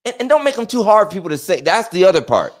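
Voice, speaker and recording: A man co-hosting a casual podcast conversation, joking and animated, often breaking into laughter. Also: high-pitched, quick pace. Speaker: podcast co-host. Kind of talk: casual chat.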